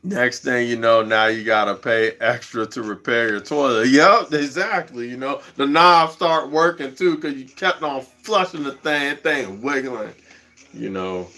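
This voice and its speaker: Bright-voiced man chatting casually. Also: mid-range voice. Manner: slangy, rambling, laughs often. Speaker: livestream host. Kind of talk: casual livestream chat.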